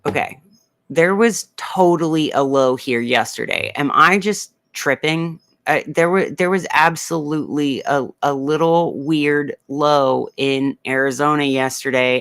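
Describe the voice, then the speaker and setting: A man's voice: medium pitch, a little slow, gravelly, fairly bright tone, clear, resonant tone, no echo. A man hosting a comedic weather livestream, talking casually and playfully in a rambling way, with many fillers.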